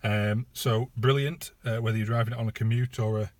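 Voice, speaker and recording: A man's voice: on the low side, fairly even intonation, brisk. A British man giving a chatty, informal walkaround of his car, with lots of ums and casual asides. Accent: British English. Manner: chatty, filler-heavy, informal. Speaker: private car seller. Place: inside a parked car.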